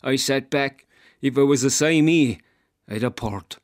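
A man's voice: medium pitch, a little slow, natural voice. A man reading a stage part as an elderly rural Irish man with an Irish accent, in a folksy storytelling manner. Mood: wistful. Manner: folksy storytelling, colloquial grammar. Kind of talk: dramatic reading.

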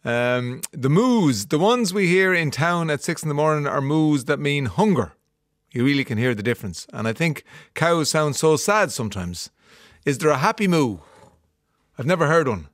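A man's voice: on the high side, lively intonation, normal speed, no echo, studio quality. A man with an Irish accent hosting a radio show, chatting casually and reading out listener texts with plenty of fillers and restarts. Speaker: radio host. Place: radio studio.

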